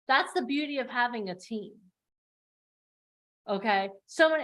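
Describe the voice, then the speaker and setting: Over a video call, a woman running an online bootcamp for actors and models delivers live motivational coaching with passion and emphasis. Her fairly high, fairly bright voice is animated and moves at a moderate pace, with frequent pauses.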